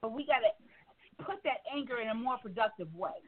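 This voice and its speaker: A woman hosting a candid talk radio discussion, blunt and animated, swearing freely. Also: on the high side, brisk, over a noisy crowd. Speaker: radio show host. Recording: tinny phone line with faint noise.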